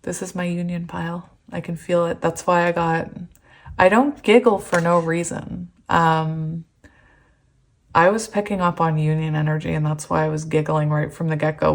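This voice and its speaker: A young woman doing a tarot reading, giddy and giggly, breaking into excited squeals of laughter. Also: fairly low pitch. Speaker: tarot reader. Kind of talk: pick-a-card tarot reading.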